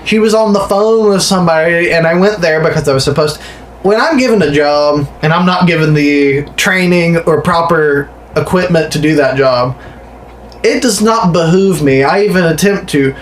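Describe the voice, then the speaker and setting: Male podcast co-host from West Virginia, animated storyteller, slightly high voice, faint background hiss. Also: normal speed. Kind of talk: casual chat.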